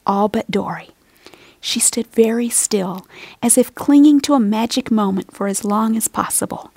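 A woman narrating a storybook in a soft, steady and expressive reading voice. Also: on the high side, normal speed, creaky, breathy edge, dry recording.

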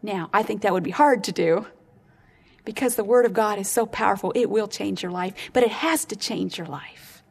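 A woman preaching a sermon, teaching earnestly and slowing down to stress key points. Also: medium pitch, vocal fry, husky.

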